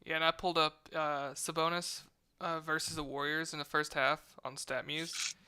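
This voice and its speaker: A man's voice: fairly high pitch, level tone, moderate pace, sharp tone, clear, resonant tone. A man co-hosting a casual sports betting stream, reading stats aloud and chatting with viewers. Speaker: sports betting show co-host.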